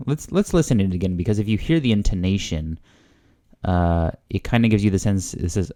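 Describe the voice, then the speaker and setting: Casual host, low mellow male voice, hesitant learner thinking aloud. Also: expressive, brisk. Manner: hesitant, full of fillers and guesses. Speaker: language learner hosting a video series.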